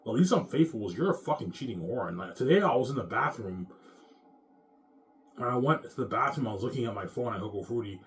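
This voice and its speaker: A man's voice: medium pitch, lively intonation, fast talker, a little hiss or hum. A man in his thirties ranting casually to camera, rambling and profane. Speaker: vlogger.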